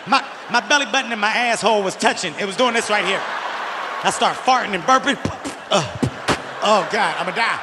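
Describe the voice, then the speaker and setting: A man doing stand-up, telling a story with loud bursts and acted-out voices. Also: high-pitched, noisy background. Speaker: stand-up comedian.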